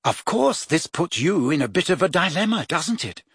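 A man voicing a clever teenage schoolgirl who talks in a patient, brisk way. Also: on the high side, big pitch swings, fairly bright tone, breathy edge, no echo, clean studio sound, pitched above the performer's own voice, exaggerated voice. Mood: knowing.

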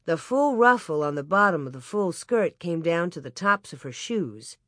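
An audiobook narrator reading a children's story aloud in an even, clear way. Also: medium pitch, normal speed, no room sound, clean studio sound.

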